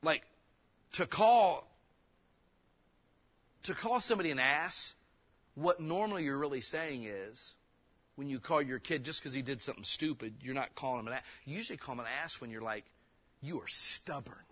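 Bright-voiced preacher with twang. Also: male voice, mid-range voice. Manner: casual, joking preaching with emphatic bursts; reads King James verses slowly. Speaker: pastor. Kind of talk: sermon.

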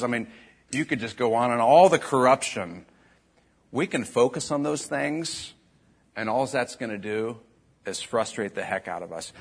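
A pastor preaches in a loose, conversational way, breaking into sharp emphatic bursts. His voice sits at a middle pitch with a husky, slightly breathy edge. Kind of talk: sermon.

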